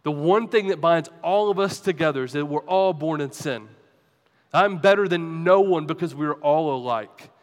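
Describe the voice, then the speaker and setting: Self-deprecating pastor in a hall. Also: male voice, a little high, moderate pace. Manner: conversational, self-deprecating, chatty with the congregation. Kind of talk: sermon with personal story. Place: church sanctuary.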